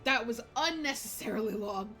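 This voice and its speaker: Woman game streamer, higher pitched, chatty, self-interrupting commentary. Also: lively intonation, normal speed, pushed and bright, faint music behind. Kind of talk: casual let's-play commentary.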